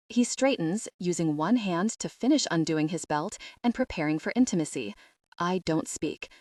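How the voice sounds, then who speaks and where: A woman reads a first-person romance audiobook in a soft, measured, intimate manner. Her voice is on the low side and very dry, as if recorded close in a dead booth. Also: expressive, no room sound. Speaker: audiobook narrator.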